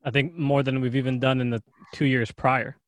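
A man co-hosting a podcast who answers and asks questions in a measured way, with some restarts. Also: mid-range voice, flat delivery, no echo. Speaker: podcast co-host. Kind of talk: casual interview chat.

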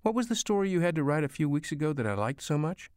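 A man voicing a gentle, ill young mother in a storybook reading, soft and soothing. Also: a little high, big pitch swings, quick pace, clear, resonant tone, dry recording, studio quality, voice pushed up. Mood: coaxing.

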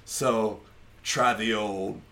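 A man co-hosting a podcast, telling stories loudly with frequent laughter in casual banter. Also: on the low side, steady tone, drawn-out words. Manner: loud, laughing, storytelling. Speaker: podcast co-host.

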